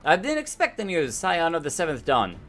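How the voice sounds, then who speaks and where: A man's voice: fairly high pitch, huge pitch swings, a little fast, fairly bright tone, soft background music, pitched above the performer's own voice, exaggerated voice. Earnest woman garrison commander, as a man reads her out. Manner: declaiming, mock-formal. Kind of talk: reading game dialogue aloud.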